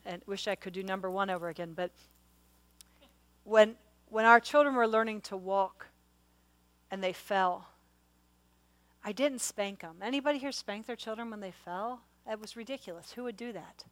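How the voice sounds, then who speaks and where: A middle-aged woman preaching a sermon, her questions swelling into loud, urgent exhortation. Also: medium pitch, moderate pace, no room sound, poor audio. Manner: passionate, rising to loud exhortation.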